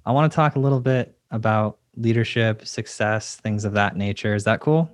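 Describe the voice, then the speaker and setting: A man's voice: lowish voice, normal speed, no echo, clean studio sound. A man hosting an interview, friendly and joking, with rambling questions. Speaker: interviewer, host. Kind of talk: casual interview.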